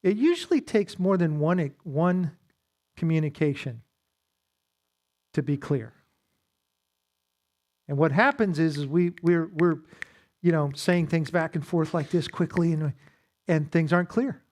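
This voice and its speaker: A man with a slightly high voice leads a marriage seminar at a church. He teaches in an easygoing, conversational way. He pokes fun at himself and acts out little exchanges as he goes. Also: unhurried, pauses often, a little mellow. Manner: conversational, with self-deprecating humor and acted-out quotes. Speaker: pastor leading a marriage seminar.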